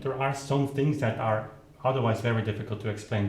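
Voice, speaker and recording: Over music, a piano teacher with a steady, medium-pitched voice explains fairly quickly while demonstrating at the keyboard. He thinks aloud, restarts, and sings rhythms in syllables, and the roomy recording catches the instrument playing between phrases.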